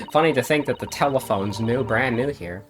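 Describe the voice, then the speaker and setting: A man voicing a polite, inquisitive young woman assistant in a game, raising his voice high for her. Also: moderate pace, music in the background, lightly acted.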